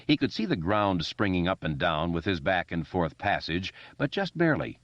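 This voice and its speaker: A man narrating a novel as an audiobook reader, expressive and doing voices for the characters. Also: low-pitched, normal speed, no echo, dull audio. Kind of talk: scripted narration.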